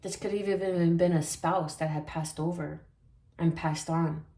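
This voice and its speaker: A woman giving a spiritual tarot reading in a soft, reflective way, often repeating phrases for emphasis. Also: fairly low pitch, fairly even intonation, unhurried, echoey room. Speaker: tarot reader.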